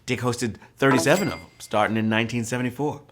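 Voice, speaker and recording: A man's voice: mid-range voice, fast, slight background noise. A man hosting a live trivia show, reading questions with playful rhyming quips and jokes. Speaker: trivia game show host.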